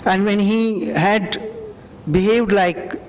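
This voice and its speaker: A man's voice: sits high, steady tone, slow pace, a little hiss or hum. A man giving a university lecture, reflective and conversational, often saying "you know". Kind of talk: university lecture with audience questions. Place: lecture hall. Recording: reverberant hall.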